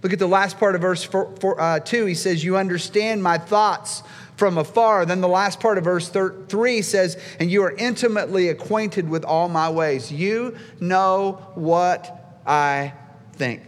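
A male pastor preaching a sermon with emphatic delivery, dropping low and soft, then rising to loud exclaims. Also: unhurried. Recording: long hall reverb.

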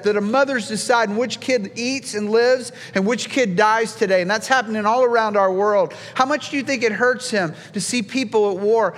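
A male pastor preaching a sermon with emphatic delivery, dropping low and soft, then rising to loud exclaims. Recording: long hall reverb.

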